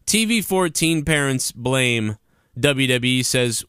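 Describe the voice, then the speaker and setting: A man's voice: mid-range voice, lively intonation, slow pace, fairly bright tone, clean tone, no echo. Profane ranting man, dry close sound. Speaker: wrestling news commentator. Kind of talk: ranting vlog commentary.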